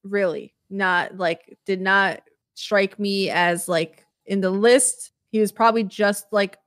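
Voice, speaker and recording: A woman's voice: medium pitch, fairly even intonation, slow, a bit bright, no echo. Candid woman co-hosting, dry sound. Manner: candid, emphatic, swears casually. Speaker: podcast co-host. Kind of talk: casual chat.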